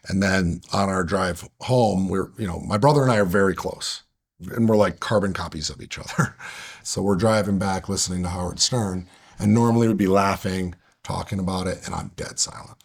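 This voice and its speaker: Male guest, deep husky voice, earnest, halting storyteller. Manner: earnest, halting, many restarts and fillers. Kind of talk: candid personal storytelling.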